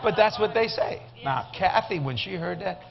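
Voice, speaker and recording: Folksy Cajun preacher, laughing. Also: male voice, sits high, moderate pace, gravelly. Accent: Cajun Louisiana. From Louisiana. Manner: folksy, animated, laughing often. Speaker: guest preacher. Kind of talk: humorous sermon storytelling. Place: church sanctuary. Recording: muffled live sermon recording with background noise.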